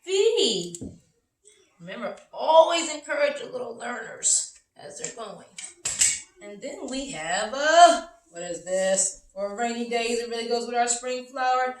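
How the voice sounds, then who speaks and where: A woman teaching phonics to young children, slow and encouraging, sounding out letters with exaggerated care. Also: a little high. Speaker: early-learning teacher. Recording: roomy, from a distance.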